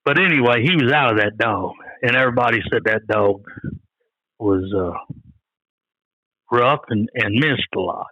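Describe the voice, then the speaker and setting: A man's voice: mid-range voice, normal speed, pauses often, pushed and bright, no echo, highs cut off. An older man telling rambling, folksy stories in an interview, often quoting what others said. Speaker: guest, coon hunter. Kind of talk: storytelling in an interview.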